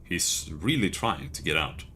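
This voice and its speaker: A man streaming a video game, reading its text aloud in a steady, measured way with casual asides. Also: a bass voice, a little hiss or hum.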